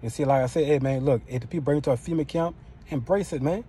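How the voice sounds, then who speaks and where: A man's voice: fairly high pitch, fast talker, mellow, a little hiss or hum. A man preaching an informal sermon in a profane, street-style way. He keeps throwing in "man" and "you know what I'm saying".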